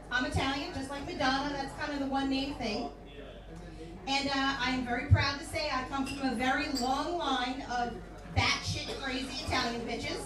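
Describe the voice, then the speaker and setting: A woman in her fifties from Philadelphia doing a brash, salty stand-up set in a bar. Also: high-pitched. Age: 50s. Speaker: stand-up comedian. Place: bar with live audience. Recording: echoey room from far off, crowd.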